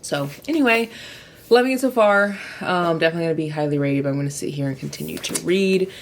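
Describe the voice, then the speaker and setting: A woman's voice: sits low, fast, echoey room, slight background noise. A young woman chatting casually to camera about books, rambling and filler-heavy. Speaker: book vlogger.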